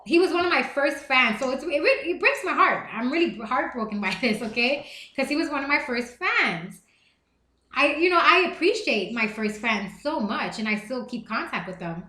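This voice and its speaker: A woman hosting a live stream, talking in an animated, emphatic way and repeating words to drive her points home. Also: high voice, reverberant. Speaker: livestream host. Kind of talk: casual live-stream chat.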